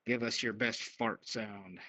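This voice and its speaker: A man's voice: on the low side, fairly even intonation, slow, bright, forceful tone, no echo, poor audio. A man co-hosting a call-in radio chat show, speaking in a dry, matter-of-fact way. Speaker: co-host.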